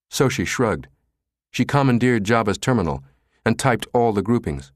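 A man narrating an audiobook thriller in a dramatic, expressive reading. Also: lowish voice, moderate pace, no echo, studio quality. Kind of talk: scripted narration.

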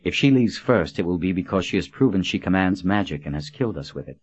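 A composed noblewoman who speaks with calm authority, read by a male narrator in a deep voice near his own. The delivery is low and even-handed. The recording is dry and slightly muffled. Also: fast talker, breathy edge, dry recording. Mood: cold commanding. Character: composed noblewoman, commanding and gentle. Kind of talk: audiobook character voice.

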